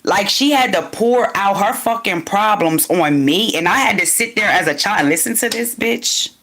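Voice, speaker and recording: A woman's voice: mid-range voice, expressive, normal speed, fairly bright tone. A woman from Wilmington, Delaware, ranting in an unscripted livestream monologue, profane and talking straight at her viewers. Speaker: livestream host.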